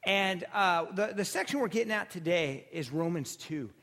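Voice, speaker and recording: A man preaching a sermon as pastor, telling stories casually with restarts and animated asides. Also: high voice, moderate pace. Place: church sanctuary.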